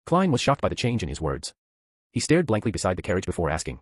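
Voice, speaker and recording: Deep-voiced, fast-reading male narrator. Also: wildly swooping pitch, breathy edge, no room sound, studio quality. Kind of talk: novel chapter summary narration.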